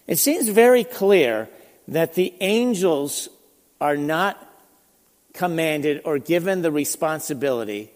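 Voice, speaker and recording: A man preaching a sermon, telling stories in an animated, conversational way with frequent restarts. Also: a little high, takes it slowly, in a large hall. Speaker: pastor. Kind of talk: sermon storytelling.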